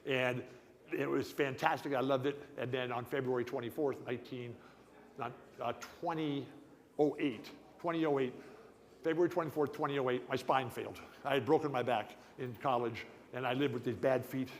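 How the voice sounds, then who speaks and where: An older man giving an animated after-dinner speech as guest speaker, telling stories and often restarting or repeating words. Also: medium pitch, moderate pace, slight background noise. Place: banquet hall. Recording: reverberant hall.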